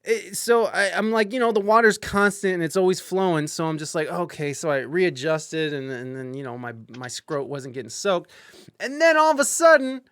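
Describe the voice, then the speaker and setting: A man with a slightly higher-pitched, smooth and clear voice tells a crude story in a casual chat. He is animated and profane, and he bursts into loud, panicked yelps when he quotes himself. The sound is close and dry. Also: moderate pace, hardly any pauses, no echo. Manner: greets live-stream viewers mid-story. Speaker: podcast host.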